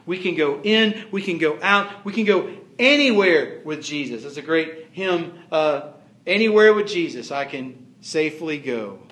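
A man's voice: on the high side, expressive, unhurried, pushed and bright, roomy sound. A man pastor preaching a sermon with emphatic, repetitive phrasing that rises and falls in force.

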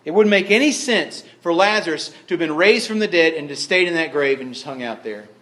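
This folksy pastor's voice sits on the high side, and he speaks a little fast and expressively. He repeats phrases for emphasis and alternates between hushed delivery and loud proclamations during his sermon.

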